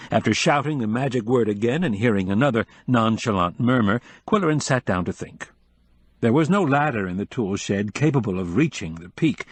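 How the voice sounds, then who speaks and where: A man reading a cozy mystery novel aloud in a steady, measured storytelling manner. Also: medium pitch, slightly rough, dry recording. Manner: steady, measured storytelling with light character voicing. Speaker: audiobook narrator. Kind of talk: scripted narration.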